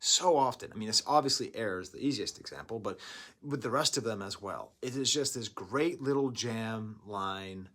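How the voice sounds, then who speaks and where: A man's voice: on the low side, normal speed, fairly bright tone. A man giving a rambling, jokey music review monologue to the camera, humming and imitating sounds as he goes. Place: indoors, talking to camera.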